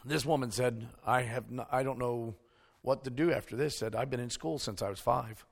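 A male preacher, delivering a sermon that swings from hushed storytelling to emphatic shouting. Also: mid-range voice, steady tone, moderate pace, creaky.

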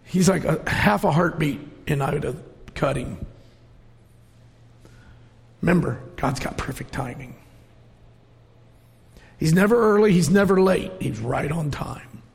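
A middle-aged man preaching a sermon, telling the story with strong emotion and sudden raised, shouted moments. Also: a little high, animated, measured pace, creaky, pauses often. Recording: long hall reverb.

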